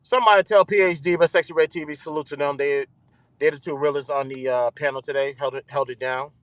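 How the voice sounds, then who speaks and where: A man hosting his own show, ranting loudly with swearing and repeating himself for emphasis. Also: on the high side, fairly even intonation, quick pace, no echo. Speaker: host. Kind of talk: ranting live commentary.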